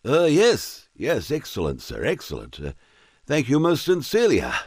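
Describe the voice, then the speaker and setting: A man's voice: mid-range voice, huge pitch swings, moderate pace, a little mellow, slightly rough, dry recording, studio quality, voice pushed up, heavily acted. A man voicing a polite, cautious poet who answers hesitantly with stammers and fillers. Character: cautious, polite young-ish Scottish poet.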